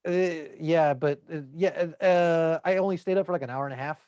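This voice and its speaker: A man's voice: a little high, a little fast, a little mellow, clear, resonant tone, dry recording. A young man, a podcast co-host, in casual chat, telling a rambling story full of swearing.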